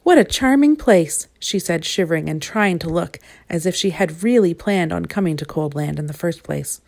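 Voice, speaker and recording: Lower-voiced woman reading a storybook aloud. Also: normal speed, gravelly. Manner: expressive, playful asides to listeners. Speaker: storybook reader. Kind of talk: reading a children's picture book aloud.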